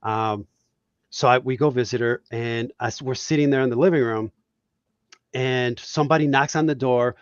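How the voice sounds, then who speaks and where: A man's voice: mid-range voice, steady tone, moderate pace, smooth, no echo, dull audio. A man from Puerto Rico, a guest cartoonist, telling reflective, heartfelt stories in a casual podcast chat.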